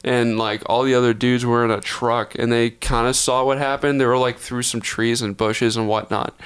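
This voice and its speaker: A man's voice: medium pitch, little pitch movement, moderate pace, a bit bright, clean tone. A young man from Texas, a podcast co-host, telling a long story in a rambling, profane way, often correcting himself. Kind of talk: casual storytelling.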